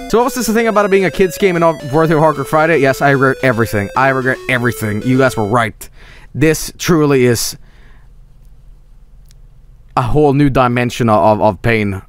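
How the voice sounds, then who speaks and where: A man streaming a video game, commenting in an exasperated, profane way with frequent yelled protests. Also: medium pitch, animated, moderate pace, long pauses. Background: game music.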